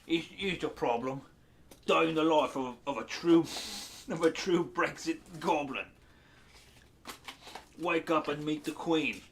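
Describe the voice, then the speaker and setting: A man's voice: a little high, slow pace, pauses often, a little hiss or hum. A man putting on a cheeky male goblin with a Cockney accent. He talks in a brash, swaggering way.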